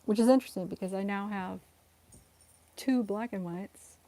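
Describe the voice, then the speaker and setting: Casual young woman livestreaming her cats at home, chatty and laughy, mellow tone. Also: moderate pace. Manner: giggly, chatty, talks to the cats in a high coaxing voice. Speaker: cat rescue livestreamer. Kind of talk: casual live-stream chat while cats play.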